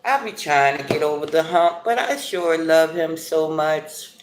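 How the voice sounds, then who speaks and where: Chatty low-voiced woman, echoey room. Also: measured pace. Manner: chatty, rambling, playful with animated asides. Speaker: livestream host. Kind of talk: casual live chat while eating breakfast.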